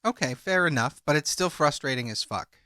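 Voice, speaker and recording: A man co-hosting a podcast, retelling a crime case and reading call transcripts aloud in a measured way. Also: fairly high pitch, animated, sharp tone, dry recording, studio quality. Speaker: podcast co-host. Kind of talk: casual true-crime podcast chat.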